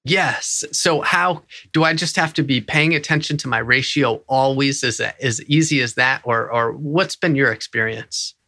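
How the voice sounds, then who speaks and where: A male podcast host with a bright, forward voice, asking questions in an easygoing, searching way. He sounds close and dry, with no room around him. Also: medium pitch, normal speed, few pauses, no room sound. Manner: relaxed, searching phrasing with fillers. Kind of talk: interview questions.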